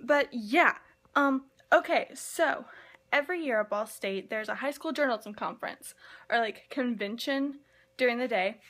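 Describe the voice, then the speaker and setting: A young woman in college vlogging excitedly and gushing, with lots of "like" fillers. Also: fairly high pitch, normal speed, slight background noise. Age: young adult. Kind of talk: casual vlog.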